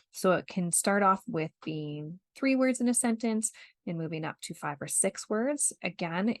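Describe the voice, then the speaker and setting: A woman's voice: fairly low pitch, no echo. Patient Canadian woman teaching reading skills. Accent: Canadian English. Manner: patient, explains step by step with spoken examples. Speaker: podcast host, parent educator. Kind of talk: instructional podcast talk.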